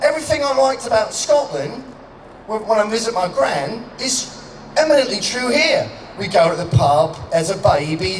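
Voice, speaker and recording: A man from Canada giving a crude, joking outdoor rally speech, shouting to a crowd. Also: fairly high pitch. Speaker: public speaker. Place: outdoor public gathering. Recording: echoey and distant, faint background noise.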